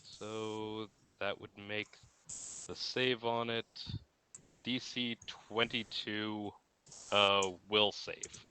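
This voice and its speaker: Male player, low-ish smooth voice, slow deliberate delivery, bright edge. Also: little pitch movement. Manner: deliberate, describing actions and rolls. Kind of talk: tabletop role-play.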